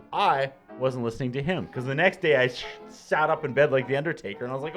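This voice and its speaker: A man's voice: medium pitch, lively intonation, fast talker, hardly any pauses, faint music behind. A middle-aged man co-hosting a podcast, telling a joking story in casual chat. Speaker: podcast co-host.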